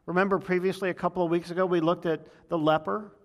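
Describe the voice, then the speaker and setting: Emphatic preaching man, slightly high voice. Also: little pitch movement, fast. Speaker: pastor. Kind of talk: sermon.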